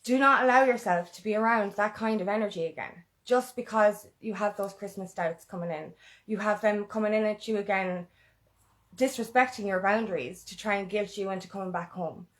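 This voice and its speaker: Speaking briskly in a mid-range voice, a woman empowerment coach talks earnestly in a motivational vlog. She's emotional, close to tears, and repeats a mantra often.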